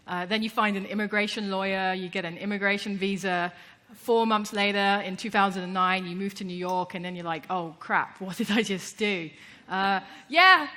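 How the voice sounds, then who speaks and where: A woman artist talks to a conference audience in a loose, chatty way, stumbling through restarts and fillers and acting out little quotes along the way. Her voice sounds bright and lively, and her pitch sits in the middle range. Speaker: artist giving a conference talk. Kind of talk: casual storytelling talk. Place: conference stage before an audience.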